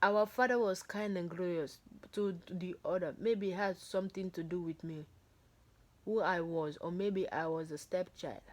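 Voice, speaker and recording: Lady reading a book out loud, lowish voice, keeps breaking off to chat and joke. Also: steady tone, normal speed. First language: not English. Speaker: book reader. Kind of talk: reading a book aloud with chatty asides.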